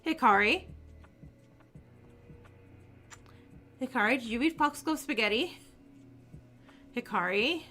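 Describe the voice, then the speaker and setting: A woman's voice: high voice, lively intonation, moderate pace, soft background music. A woman reading an anxious young protagonist, pleading. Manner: pleading, earnest. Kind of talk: reading game dialogue aloud.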